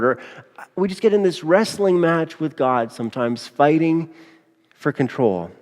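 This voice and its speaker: A man's voice: a little high, lively intonation, moderate pace, darkish tone. A man preaching a sermon as a pastor, in a conversational manner with frequent rhetorical asides to the congregation. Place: church sanctuary. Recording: long church reverb.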